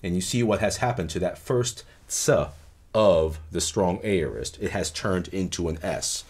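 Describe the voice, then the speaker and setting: A man giving a recorded lecture on grammar, measured and explanatory, often checking in with "right?". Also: deep voice, lively intonation, breathy edge.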